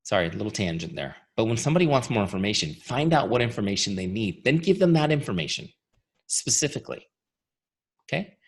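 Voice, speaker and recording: A man with a tired, fading voice gives an energetic webinar training, chatty and full of rhetorical questions. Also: on the low side, fast, slightly rough. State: losing his voice. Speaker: software founder giving a training webinar.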